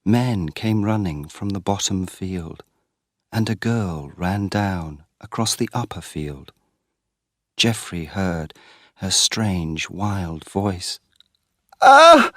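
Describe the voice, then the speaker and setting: Slow, deep-voiced male storyteller. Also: no room sound, studio quality. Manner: slow and clear for learners. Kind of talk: graded-reader story narration.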